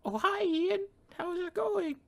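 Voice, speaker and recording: A man voicing a sweet, flirty mother of a friend in a high sing-song falsetto. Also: takes it slowly, creaky, fairly bright tone, full character voice.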